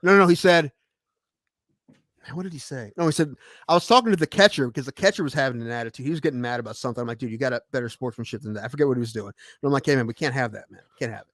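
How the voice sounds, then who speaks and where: Man, 30s, podcast co-host; fast, animated storyteller, dry mic. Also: medium pitch, no echo. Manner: storytelling, animated quoted voices. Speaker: podcast co-host, baseball umpire. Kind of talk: casual chat.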